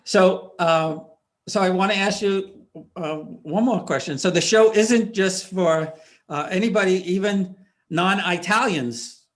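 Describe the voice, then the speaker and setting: A man's voice: sits high, measured pace. A middle-aged man hosting an interview, telling easygoing anecdotes with lots of fillers. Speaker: podcast host. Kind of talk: casual interview chat.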